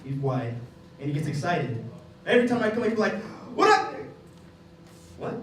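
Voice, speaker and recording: A young man performing a stand-up comedy set, animated, jumping into quick high-pitched voices for the people in his stories. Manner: animated, acts out others in quick high bursts. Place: comedy venue. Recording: echoey club from a distant mic, audience noise.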